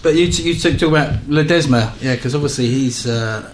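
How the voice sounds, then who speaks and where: A man co-hosts an interview in a voice of middling pitch. He asks his questions in an easygoing, conversational way. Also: a little fast, slight background noise. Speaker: co-host. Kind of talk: casual interview chat.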